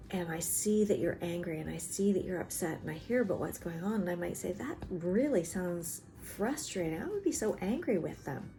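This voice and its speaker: Woman, therapist, low warm voice, gentle explanatory lesson, faint music behind. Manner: gentle and explanatory, acts out little dialogues. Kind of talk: teaching talk to camera. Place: in South Carolina.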